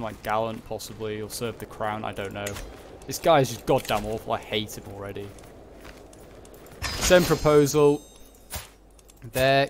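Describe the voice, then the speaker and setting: A young man giving casual commentary on a strategy game, thinking aloud and muttering quick reactions. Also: mid-range voice, background noise. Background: background music.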